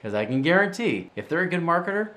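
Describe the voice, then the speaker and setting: A man's voice: a little high, quick pace. A middle-aged man hosting a finance show, talking casually to camera and acting out the voices of people in his stories. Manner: animated storyteller, acts out quoted voices. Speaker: show host.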